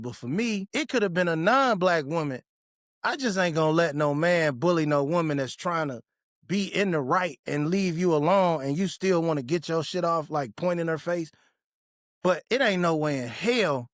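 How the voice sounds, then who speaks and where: Guy with a high voice, podcast host talking real blunt and slangy, super dry close sound. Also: normal speed, no echo. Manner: blunt, profane, street slang; animated when retelling confrontations. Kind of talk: casual storytelling monologue.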